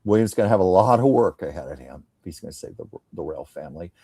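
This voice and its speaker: Man, low mellow voice, tarot reader, musing, conversational, dry. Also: expressive, quick pace, breathy edge, dry recording. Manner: conversational, musing, drops to soft tones. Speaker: psychic tarot reader, host. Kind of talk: casual tarot reading chat.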